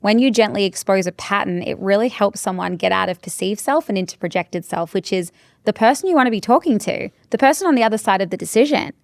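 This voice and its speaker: A woman's voice: medium pitch, lively intonation, fast talker, vocal fry, no echo, studio quality. A woman hosting a conversational interview about sales, earnest and emphatic, repeating her key phrases. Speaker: podcast host and sales coach.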